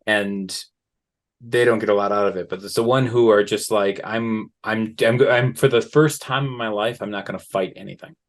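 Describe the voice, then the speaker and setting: A man as an interview guest, relaxed and storytelling, often acting out the people he quotes. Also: fairly low pitch, normal speed. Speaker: guest, men's work facilitator. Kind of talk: conversational interview.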